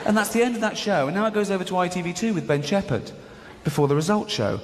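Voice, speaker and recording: A high-voiced man talks fast as he performs stand-up, telling a story and acting out the voices of its characters. He's animated and laughs often, recorded live in a large hall in front of an audience.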